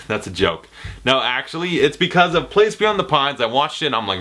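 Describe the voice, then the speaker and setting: A man's voice: mid-range voice, normal speed. A young man from Canada answering viewer questions in a casual vlog, joking and slipping into movie-quote impressions. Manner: animated, jokey, slips into movie-quote impressions.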